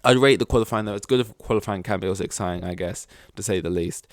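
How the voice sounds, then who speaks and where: A man's voice: fairly low pitch, fast talker, no room sound, studio quality. A man hosting a podcast in casual chat, rambling with lots of fillers and swearing. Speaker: podcast host.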